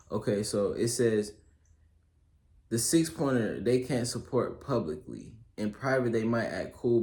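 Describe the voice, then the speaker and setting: In a lowish, darkish voice, a young man talks through a list of pointers in a casual solo advice session, reading some of them out. He's slangy and loose, dropping many fillers and check-ins like "you feel me," and the recording has a roomy echo.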